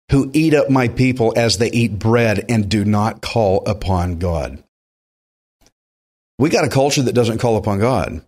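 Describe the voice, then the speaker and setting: A man's voice: fairly low pitch, a little mellow. Earnest man preaching a verse-by-verse sermon. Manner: earnest, emphatic, with frequent restarts. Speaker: pastor.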